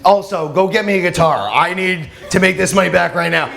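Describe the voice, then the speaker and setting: A man from New Jersey performing a stand-up comedy set in a comedy club, animated and breaking into shouted, high-pitched quotes. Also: a little fast, vocal fry. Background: audience laughter.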